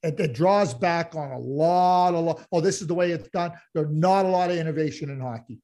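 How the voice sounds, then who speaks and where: Male co-host, high voice, animated and heated hockey talk. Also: fairly quick. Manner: animated, gets heated and loud, many restarts. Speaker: podcast co-host, hockey analyst. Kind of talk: casual sports chat.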